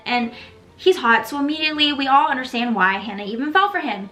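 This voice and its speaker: A woman in her twenties recapping a TV episode in a casual vlog, dramatic and sassy with animated asides. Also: a little high, fast talker. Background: faint background music.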